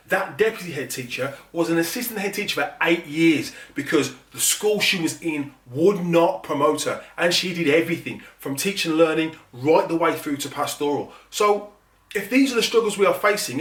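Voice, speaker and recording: A man speaks earnestly to the camera, and his emphatic delivery builds into anger. His voice sits a bit high for a man. He is heard from some distance in a roomy, echoey space. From England. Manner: earnest, rising to emphatic and angry. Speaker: teacher and middle leader. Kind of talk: impassioned monologue to camera. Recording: echoey room, away from mic.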